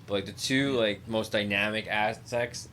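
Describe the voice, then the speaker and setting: A man from Long Island chatting as a podcast guest, rambling and animated, full of "like"s. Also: lowish voice, moderate pace, slight background noise. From Long Island, New York. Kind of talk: casual chat.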